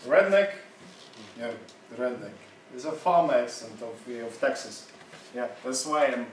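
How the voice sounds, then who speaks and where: A man's voice: mid-range voice, animated, a little hiss or hum. Man teaching, roomy and distant. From Russia. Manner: chatty, laughing, halting. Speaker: English teacher. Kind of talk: casual seminar teaching. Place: classroom. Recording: roomy classroom, mic far off.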